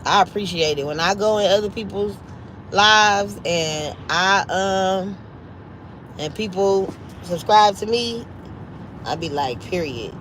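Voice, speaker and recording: A woman hosting a casual at-home livestream, originally from Cleveland in the Midwest, speaks slowly at medium pitch with a slightly bright tone. Chatty and cheerful, she urges viewers to go subscribe to her friends' channels. There's a little hiss or hum in the low-quality audio.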